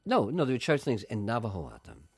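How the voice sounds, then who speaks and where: A man's voice: medium pitch, fast talker, slightly rough, dry recording. A man presenting a radio show and telling anecdotes in a chatty way, acting out the voices of the people in his stories. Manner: animated, acts out voices in anecdotes.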